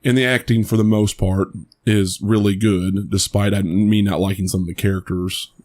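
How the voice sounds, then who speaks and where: Speaking at normal speed in a steady, slightly mellow voice on the low side, a man co-hosts a podcast. His casual talk about a movie wanders, with frequent restarts and a little swearing.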